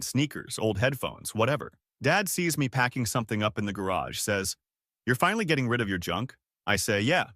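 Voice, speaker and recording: A man's voice: medium pitch, a bit bright, no echo, clean studio sound. A man reading out a first-person story in a casual, matter-of-fact way. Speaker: story narrator.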